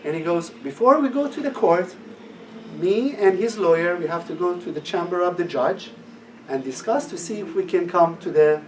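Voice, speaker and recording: A man tells a lively personal story to a class, acting out every quoted line. His pitch swings widely as he talks. He was recorded from a distance, with faint noise in the room. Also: moderate pace. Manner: animated, acts out quoted dialogue, laughs at his own story.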